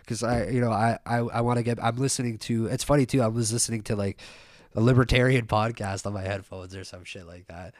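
A man's voice: lowish voice, fairly even intonation, a little fast, no room sound, clean studio sound. A man telling a story in a casual, rambling way, swearing and stumbling over fillers and restarts.

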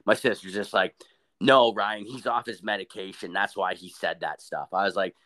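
A man's voice: lowish voice, moderate pace. A young man telling a crude story in casual chat, swearing constantly and acting out what people said. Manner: profane, animated, quotes people in funny voices.

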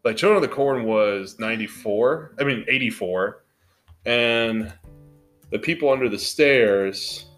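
A man's voice: mid-range voice, a little slow, a bit bright, soft background music. A man co-hosting a casual movie podcast, talking in an upbeat, rambling way full of fillers. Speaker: podcast co-host.

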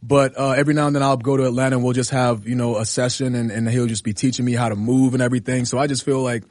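A man who is a professional wrestler, guest on a radio interview, telling stories in a lively way and often asking "you know what I'm saying". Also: medium pitch, fast, no room sound, studio quality. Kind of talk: casual radio interview storytelling. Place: radio studio.

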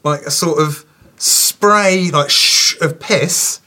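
A man's voice: a little high, slow, sharp tone. A man co-hosting a casual comedy podcast, telling rambling, crude anecdotes. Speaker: podcast co-host.

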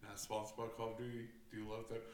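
A man's voice: on the low side, level tone, fast, darkish tone. A man telling gaming stories in a casual chat, profane and full of fillers. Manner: profane, storytelling, frequent fillers. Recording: roomy, distant mic, faint ambience.

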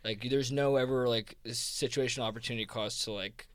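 A man's voice: mid-range voice, fairly even intonation, brisk, no echo. A man with a South Jersey accent talking casually, rambling with lots of fillers and restarts. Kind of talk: casual conversation.

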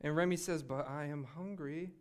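A young man preaching a sermon in a lively, conversational way, often restarting his sentences. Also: a little high, moderate pace.

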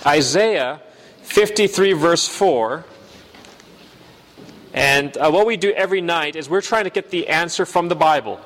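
A man preaching a sermon, telling a story in an animated way and then putting questions to the room. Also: a little high, brisk, hardly any pauses, long reverb tail. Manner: animated storyteller, bleats like a lamb.

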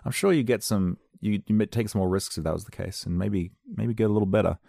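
Gravelly low-voiced man rambling casually. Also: fast talker, dark tone, no room sound, clean studio sound. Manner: jokey, self-deprecating, slips into silly voices. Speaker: podcast host.

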